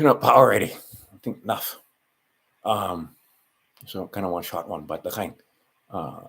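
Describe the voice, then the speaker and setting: A channel host with a Hawaiian Pidgin accent rambles through a solo monologue, his low voice slightly rough. He meanders, corrects himself as he goes, and throws asides to the listener.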